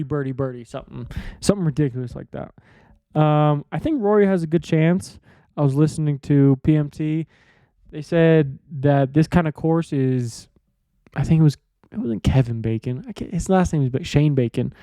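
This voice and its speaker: A man's voice: fairly high pitch, mellow, no echo. Laid-back swearing male podcast host. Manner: rambling, profane, offhand. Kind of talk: casual sports podcast monologue.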